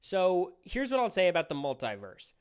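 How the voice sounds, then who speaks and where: Opinionated young man, smooth voice. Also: high voice, wildly swooping pitch. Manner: opinionated, quick, casual. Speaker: streamer host. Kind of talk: casual livestream chat.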